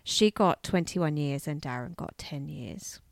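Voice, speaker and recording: A woman co-hosting a casual true-crime chat, telling the story in a chatty, animated way. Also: low-pitched, measured pace, vocal fry, no echo, clean studio sound. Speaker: podcast co-host.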